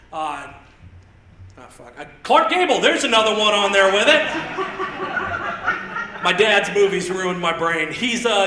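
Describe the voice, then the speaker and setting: A man in his thirties doing live stand-up comedy on a theater stage, rambling and self-deprecating with quick asides. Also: high-pitched. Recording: roomy theater sound, mic heard from a distance.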